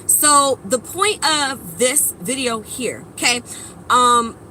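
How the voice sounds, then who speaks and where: Woman, spiritual vlogger, high bright voice, profane and preachy, faint vehicle noise behind. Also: expressive, slow pace, poor audio. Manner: profane, emphatic, preachy, swings between loud and low. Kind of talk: blunt motivational monologue to viewers.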